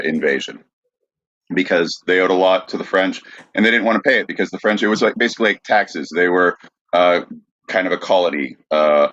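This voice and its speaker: A man co-hosting a podcast, explaining history in a measured, casual way. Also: low-pitched, fairly bright tone, dry recording. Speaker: podcast co-host. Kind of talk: casual chat, reading history. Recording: dull dry sound.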